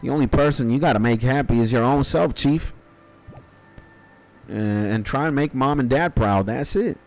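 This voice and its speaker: A man's voice: medium pitch, moderate pace, a little mellow. Rambling, foul-mouthed man in his thirties. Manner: rambling, profane, mock-philosophical. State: hungry after an early start. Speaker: streamer. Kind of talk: casual chat while gaming.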